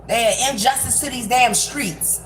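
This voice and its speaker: Young woman ranting while she cooks, cussing a lot, kinda high voice, echoey kitchen with noise behind. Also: a little slow. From Prince George's County, Maryland. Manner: blunt, profane, rambling street talk. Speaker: vlogger. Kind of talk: casual rant while cooking. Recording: echoey room with background noise.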